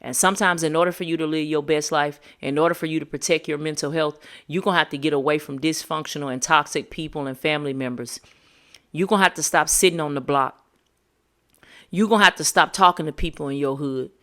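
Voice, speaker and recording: A woman's voice: sits low, steady tone, quick pace, a bit bright. A woman hosting a podcast, giving a motivational monologue in a preachy, emphatic, slangy way. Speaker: podcast host.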